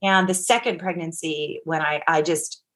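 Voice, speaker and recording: A woman's voice: deep voice, moderate pace, noisy background. A woman actor as a podcast guest, telling a candid personal story in a rambling way, full of restarts, acted-out quotes and casual swearing.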